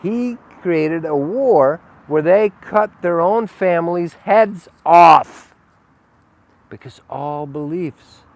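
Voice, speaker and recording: A man giving an unscripted spiritual monologue, rambling and blunt, with frequent swearing and sudden swings between loud and soft. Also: on the high side, animated, slow. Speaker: spiritual teacher.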